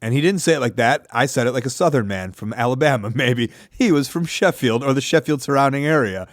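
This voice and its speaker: A man, hosting a podcast in a rambling, self-deprecating monologue with animated asides. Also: mid-range voice, fairly quick, no room sound, studio quality. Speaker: podcast host. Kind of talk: casual monologue.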